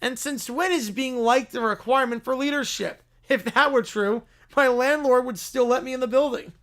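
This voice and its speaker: A man's voice: very high-pitched, moderate pace, a bit bright. A man voicing a bumbling, shady male cartoon lawyer who gives pompous, rambling courtroom speeches.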